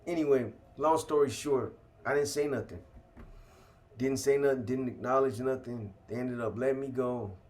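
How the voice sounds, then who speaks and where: A man's voice: mid-range voice, moderate pace, a little mellow. A man casually telling a story from his own life, full of street slang and swearing, often tacking "man" onto the end of a sentence. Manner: street slang, heavy cursing, keeps adding "man".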